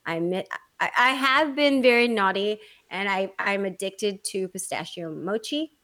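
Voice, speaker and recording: A woman co-hosting a casual chat, telling stories in an animated, dramatic way with blunt asides and swearing. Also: medium pitch, normal speed.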